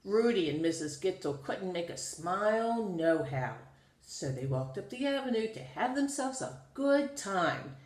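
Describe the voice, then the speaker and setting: A woman reading a children's storybook aloud in an expressive, sing-song storytelling manner. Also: medium pitch, unhurried. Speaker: storybook reader. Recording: roomy echo.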